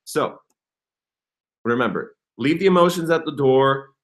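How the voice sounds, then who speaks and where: A young man hosting a casual livestream, talking in an excitable, rambling way and reading comments aloud. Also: medium pitch, a little slow. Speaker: crypto livestream host.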